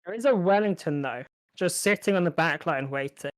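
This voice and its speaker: A man's voice: a little high, brisk. A man commentating a card game match, analytical and stumbling over small restarts as he talks through the plays. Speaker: esports caster. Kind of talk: play-by-play commentary.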